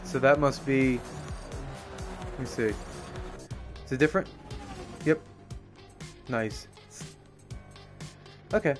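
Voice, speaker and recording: A young man giving casual, profane live commentary on a racing game, excitable and often laughing. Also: mid-range voice, slow pace, pauses often, over music. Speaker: streamer.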